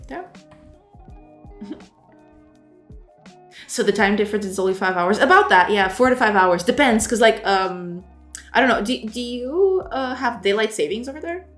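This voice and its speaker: A woman's voice: medium pitch, fairly bright tone. A woman at her computer chatting with viewers while she codes, in a loose, talkative way. She pokes fun at herself and giggles often. Faint music plays behind her. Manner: giggly, self-deprecating, often breaks into laughter; chatty, reads and answers viewer messages. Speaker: game developer streamer. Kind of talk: casual live-stream chat while coding.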